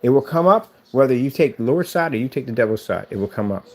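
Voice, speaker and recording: Excited man, casual vlogger, veers into fervent preaching, mid-pitched voice. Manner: fast, excited, with religious exhortation. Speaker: vlogger showing his studio build.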